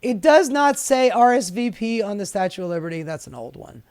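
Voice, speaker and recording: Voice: mid-range voice, lively intonation, brisk, a little mellow, clear, resonant tone. A host giving casual commentary while reading protest signs aloud, sassy and profane, laughing often.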